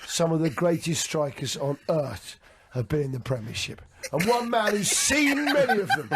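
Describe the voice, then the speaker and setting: A man hosting a radio show, a bit hoarse today, in playful and teasing casual banter with mock-grand introductions. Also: on the high side, sing-song, moderate pace, noisy background. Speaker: radio breakfast show host.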